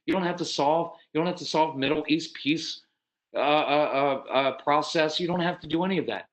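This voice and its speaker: A man giving a folksy, earnest parenting seminar, speaking directly to dads and acting out quoted parents with sudden leaps in pitch.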